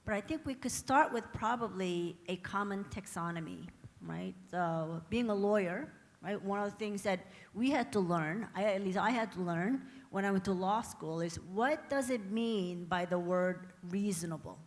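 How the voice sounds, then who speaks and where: A woman's voice: medium pitch, moderate pace. A woman who is a lawyer, speaking as a panelist, articulate and often adding a questioning "right?". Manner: articulate, uses frequent tag "right?". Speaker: panelist, lawyer at a tech company. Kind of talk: panel discussion remarks. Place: conference hall. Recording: reverberant conference hall.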